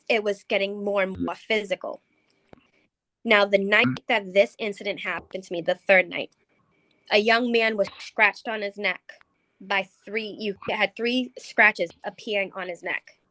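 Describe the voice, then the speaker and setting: Woman guest, paranormal investigator, halting ghost story full of ums, dry close sound. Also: medium pitch, bright, forceful tone, dry recording. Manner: hesitant, many ums and restarts. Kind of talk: recounting a ghost story in conversation.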